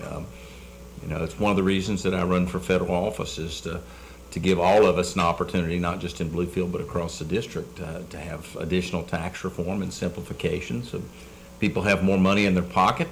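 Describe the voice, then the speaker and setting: A man with a notably deep voice chats over dinner in an easy, meandering way. He repeats words and drops fillers as he goes. A light hiss sits under the recording. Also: vocal fry. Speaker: dinner guest, state delegate. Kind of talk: casual chat over dinner.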